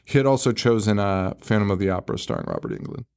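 A man's voice: fairly low pitch, wildly swooping pitch, fast talker, vocal fry, a little mellow, clear, resonant tone. Laughing, profane male podcast host. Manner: profane, laughing, retells scenes in mock voices. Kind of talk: casual movie recap chat.

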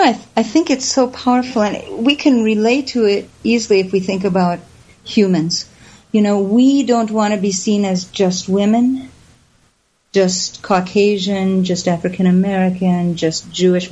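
A woman in an interview tells her stories with animation and acts out the people she quotes. Her voice sits at a middle pitch for a woman. The recording is a little dull and lo-fi. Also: measured pace, darkish tone. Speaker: guest. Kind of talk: storytelling in an interview. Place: lives in the Southwest US. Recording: slightly dull lo-fi audio.

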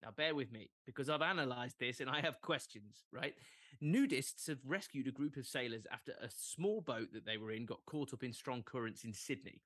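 A man's voice: mid-range voice, normal speed, no echo. A young English man co-hosting a sports podcast, chatting casually with jokey asides. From England. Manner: animated, jokey, fond of asides. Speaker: podcast co-host. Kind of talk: casual chat.

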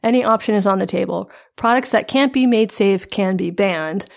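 A woman co-hosting a podcast in casual chat, with a deadpan, sarcastic delivery. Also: medium pitch, moderate pace, vocal fry. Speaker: podcast co-host.

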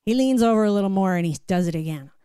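Woman storyteller at a live show, measured and vivid, crisp voice. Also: medium pitch, animated, warm tone, dry recording. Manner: slow, deliberate, vivid.

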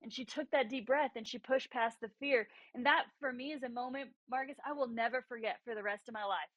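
A woman in her thirties with a fairly high voice, speaking as a guest over a remote call. She tells her story with passion and conviction. The sound is dry and close, with no room around it. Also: brisk, no room sound, lo-fi sound. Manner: passionate, faith-driven storytelling. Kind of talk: livestream interview.

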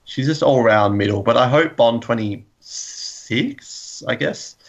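A man co-hosting a podcast chats casually and enthusiastically, laughing often. His voice is medium-pitched and slow, and the recording has its highs cut off.

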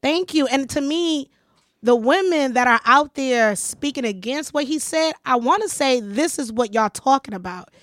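A woman's voice: sits high, normal speed, no echo, clean studio sound. A woman hosting a podcast, casually telling a personal story and acting out what others said. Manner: animated storytelling, acts out quoted lines. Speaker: podcast host. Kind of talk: casual chat.

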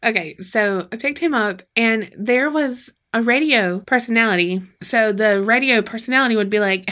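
A woman's voice: fairly high pitch, normal speed, fairly bright tone. A woman co-hosting a podcast in casual chat, rambling, giggly and swearing freely. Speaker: podcast co-host.

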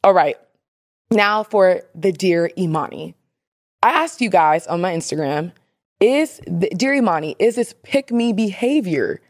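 A woman's voice: lowish voice, animated, a little slow, no room sound, studio quality. A young woman hosting a casual advice podcast, chatty and opinionated, reading listener questions and mimicking people playfully. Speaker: podcast host.

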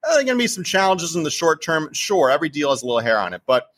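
Speaking quickly with big swings in pitch, this New Jersey-accented man is a real estate investor guesting on a casual interview. His slightly high, somewhat bright voice drives home his enthusiastic, emphatic points about investing.

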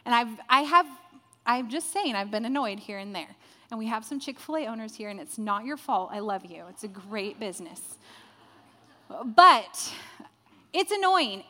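A woman's voice: a little high, expressive, moderate pace, sharp tone. Woman preaching in a reverberant hall. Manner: storytelling, acts out quoted dialogue. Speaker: pastor. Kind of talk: sermon. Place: church hall with a congregation.

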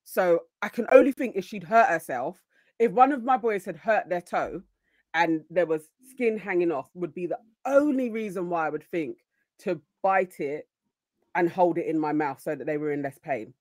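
A mother of boys in a casual chat, reasoning things through out loud in a thoughtful way. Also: fairly low pitch, moderate pace, no echo.

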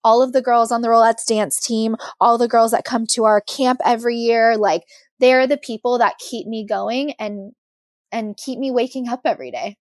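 A woman's voice: a little high, moderate pace, no echo, clean studio sound. Emotional young woman telling her story. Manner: emotional, animated retelling. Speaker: guest. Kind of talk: personal storytelling interview.

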